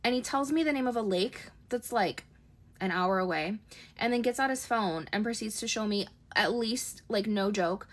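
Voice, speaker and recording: A woman's voice: fairly high pitch, normal speed. A young woman casually telling a dating story, chatty and exasperated, peppering her talk with "like". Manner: chatty, exasperated retelling with lots of "like".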